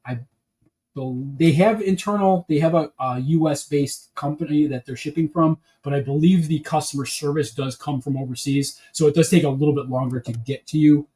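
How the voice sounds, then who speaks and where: A man's voice: on the high side, a little mellow, low-quality recording. A man chatting casually on a livestream as he builds a brick set, rambling and restarting his sentences.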